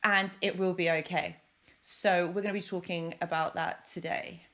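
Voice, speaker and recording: A woman talks straight into a desk microphone from a room at home, hosting a live stream. Her voice sits a little low for a woman, and she chats effusively and warmly, greeting viewers one by one. When she turns to advice, she becomes encouraging and reassuring. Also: steady tone, normal speed. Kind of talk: casual live stream chat.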